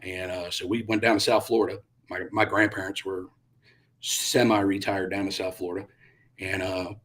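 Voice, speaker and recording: With a low voice at a normal speed, a middle-aged former Army pilot recounts stories in a relaxed interview. His delivery is animated, with quotes acted out in sudden bursts of volume.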